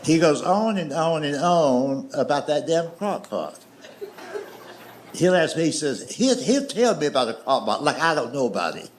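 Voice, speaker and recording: A middle-aged man telling stand-up stories in a slow, folksy way. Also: fairly high pitch, sing-song, a little hiss or hum. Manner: slow, drawling storyteller with folksy grammar. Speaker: stand-up comedian. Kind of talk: stand-up storytelling. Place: comedy stage with audience laughter.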